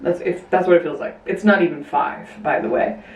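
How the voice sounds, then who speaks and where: A woman's voice: lowish voice, fairly quick, husky, lo-fi sound. A young woman vlogger reading out viewer messages in casual chat and responding with gushing encouragement.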